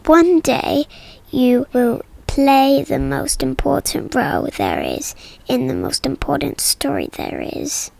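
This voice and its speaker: A wise lion spirit in a storybook dream, voiced by a woman. He speaks in slow, solemn pronouncements with a gravelly texture, recorded close and dry. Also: high voice, very animated, a little mellow, no room sound, heavily acted.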